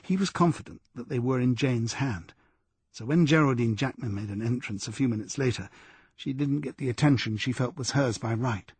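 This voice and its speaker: A man narrating a crime audiobook in a measured, even storytelling manner. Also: medium pitch, breathy edge. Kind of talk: scripted narration.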